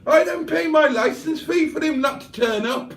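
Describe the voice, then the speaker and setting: A man's voice: very high-pitched, moderate pace, echoey room, voice pushed up. A man voicing a cheeky chat commenter with a Liverpool accent.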